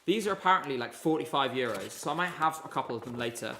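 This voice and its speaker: Bright-voiced man streaming live. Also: medium pitch, animated, fast talker, a little hiss or hum. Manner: chatty, rambling, thanks viewers. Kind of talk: casual live-stream commentary. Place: home room at a desk with laptops.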